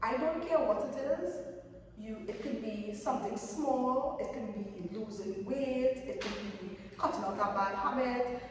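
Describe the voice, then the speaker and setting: A woman's voice: fairly high pitch, a little slow, a little hiss or hum. A young woman giving casual motivational advice in an emphatic way, often repeating her points. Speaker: vlogger giving new-year tips. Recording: echoey room, voice from far off.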